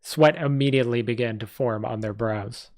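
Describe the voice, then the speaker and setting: A man's voice: medium pitch, moderate pace, darkish tone, dry recording. A man reads a story aloud on a live stream. He keeps a plain pace and fixes small slips as he goes. The sound is close and dry. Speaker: story reader.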